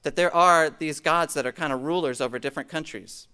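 A man's voice: on the high side, brisk, bright, forceful tone, clear, resonant tone. Man preaching a conversational sermon. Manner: conversational, frequent "okay?" check-ins, asides to the congregation. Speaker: pastor. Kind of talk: sermon teaching from scripture.

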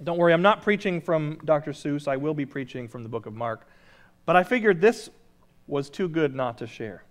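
A man's voice: a little high, expressive, moderate pace. A man preaching a sermon, reading a rhyming children's story aloud before turning to conversational teaching. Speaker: pastor.

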